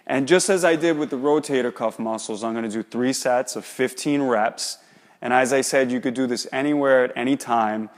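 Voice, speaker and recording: Man, exercise instructor, coaching demonstration, medium pitch, long reverb. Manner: coaching, explains while demonstrating. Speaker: exercise specialist.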